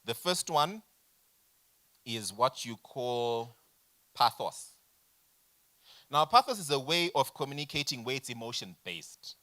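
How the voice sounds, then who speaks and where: Lively man teaching a business workshop. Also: medium pitch, measured pace, pauses often. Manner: animated, addresses audience directly with rhetorical questions. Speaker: workshop facilitator. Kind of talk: lecturing a workshop. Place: workshop room.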